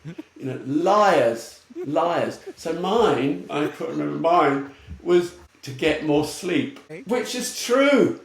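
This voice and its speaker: A man's voice: fairly high pitch, lively intonation, slow pace, vocal fry, few pauses. An English man who is a guest on an interview podcast, telling stories bluntly and with animation, often laughing. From England. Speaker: guest, retail futurist. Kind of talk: casual storytelling interview. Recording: echoey room with faint background noise.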